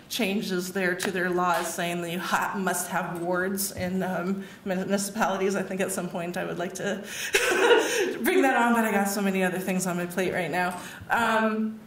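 Animated woman in an echoey hall. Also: medium pitch, a little hiss or hum. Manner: animated storytelling with laughs and acted-out quotes. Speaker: award recipient giving a speech. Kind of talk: personal speech to an audience. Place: public event hall. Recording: echoey hall, mic far off.

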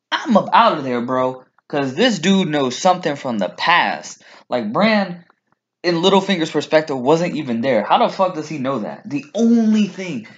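A man's voice: a little high, slightly rough. A man ranting casually to camera as a vlogger, swearing often and putting on mock voices. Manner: animated, profane, mock voices for characters. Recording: dull lo-fi sound.

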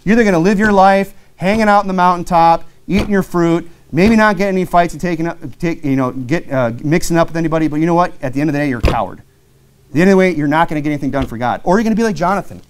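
A pastor preaches at a racing pace, plainspoken and earnest, his talk full of conversational fillers, with slight noise in the background. He reads King James scripture aloud, his pitch rising on key verses.

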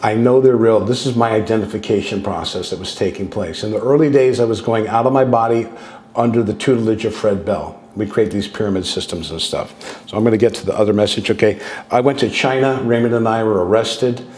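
A man in his sixties talks as a guest speaker in a loose, digressive storytelling way, often breaking off and restarting his sentences. His voice sits on the lower side. The recording has a roomy, echoing sound. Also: fairly quick, darkish tone. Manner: loose and digressive, with frequent restarts and acted quotes. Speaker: guest speaker on contact experiences. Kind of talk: rambling anecdotal storytelling.

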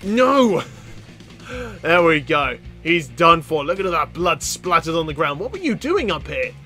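Bright, high-voiced excitable gamer man. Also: faint music behind. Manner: excitable, quick to laugh, bursts of loud exclamations. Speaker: gaming channel host. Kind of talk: excitable gameplay commentary.

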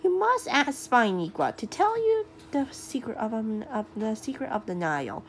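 Storybook: a woman doing a grumbling cartoon servant, explaining things with a lively lilt. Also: fairly high pitch, normal speed. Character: loyal male royal servant.

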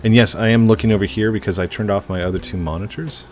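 A man's voice: on the low side, steady tone, fast talker, darkish tone, faint music behind. A man hosting casual let's-play commentary at his home computer, chatting to viewers and narrating his own moves. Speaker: gaming channel host.

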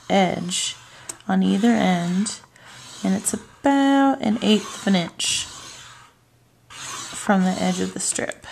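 Woman crafting instructor, unhurried, gravelly voice, calm step-by-step delivery. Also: medium pitch, a little hiss or hum. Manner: calm, narrating her hands-on work. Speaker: card-making demonstrator.

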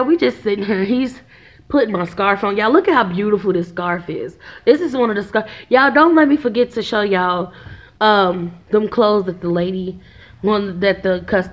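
A chatty woman in her twenties vlogs from home and keeps talking to her viewers as "y'all." Her voice sits in an ordinary middle pitch. The sound is dull and lo-fi, like a phone video. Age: 20s. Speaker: vlogger, single mother. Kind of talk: casual vlog chat.

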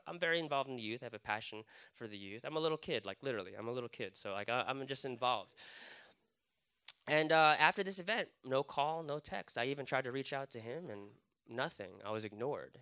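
A young man telling a personal story in casual, animated talk, full of likes and restarts. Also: medium pitch, echoey room.

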